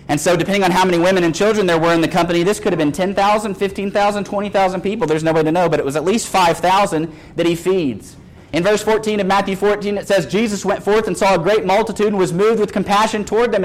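A man's voice: sits high, low-quality recording. A man preaching a sermon, reading scripture aloud and retelling the stories with acted-out dialogue.

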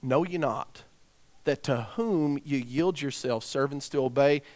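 A man preaching a sermon, dropping to quiet, grave emphasis and rising to loud shouts as he tells a story. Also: mid-range voice, unhurried.

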